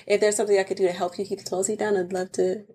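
A young woman co-hosting a casual chat, animated and playful, acting out both sides of a marital argument. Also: medium pitch, rapid-fire, a little hiss or hum. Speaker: podcast co-host.

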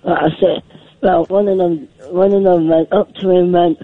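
Scottish male caller, high voice, hesitant; tinny phone line. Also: fairly even intonation, no room sound. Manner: hesitant, halting.

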